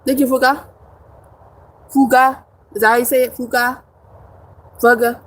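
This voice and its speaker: A woman's voice: a little high, fairly even intonation, rapid-fire. A young woman live streaming in casual chat, reading viewer comments with brash, profane joking and frequent laughter.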